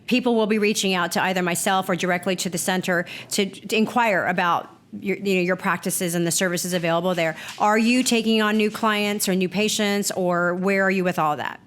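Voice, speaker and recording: Casting: woman podcast host, mid pitch, chatty and effusive, rambling warmth of thanks. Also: steady tone, a little fast, few pauses. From California. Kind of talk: casual interview chat.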